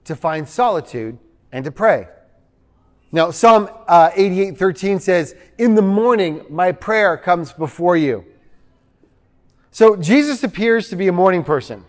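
A man's voice: high-pitched, expressive, a little slow. A man preaching a sermon as pastor, chatty and joking, reading passages aloud. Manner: conversational and joking, reads quotes aloud. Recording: long hall reverb.

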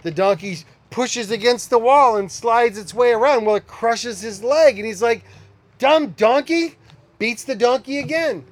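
A man preaching a sermon as a pastor, conversational, with animated storytelling. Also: very high voice, moderate pace, hardly any pauses.

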